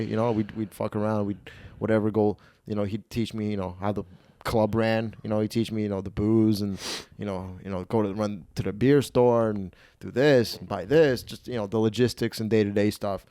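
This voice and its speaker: In clean studio sound with no echo, a man in his twenties speaks in a lowish, slightly mellow, clean voice. As a podcast host he tells a rambling, profane story in a casual way, acting out the voices of those involved.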